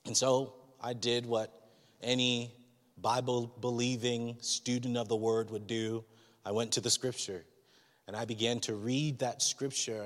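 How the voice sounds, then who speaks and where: A man's voice: mid-range voice, in a large hall. A man preaching a sermon as a pastor, speaking in a candid, conversational and personal way.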